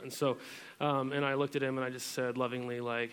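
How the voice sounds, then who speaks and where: A man's voice: medium pitch, level tone, quick pace, fairly bright tone, clean tone. A man in his thirties, a pastor giving a sermon in a church, talking in a casual, chatty way with many fillers.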